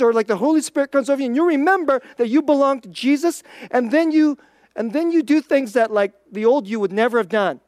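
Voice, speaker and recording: A preacher giving an informal, conversational sermon, chatty and full of "like", swinging between quick bursts and slow, quiet emphasis. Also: high voice, no echo, studio quality.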